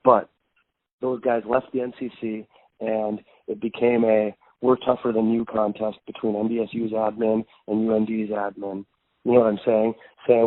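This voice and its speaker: A man's voice: on the low side, little pitch movement, normal speed, no room sound. A man from North Dakota talking casually as a podcast guest, rambling with many restarts. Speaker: guest wrestling analyst. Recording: phone-like, dry sound.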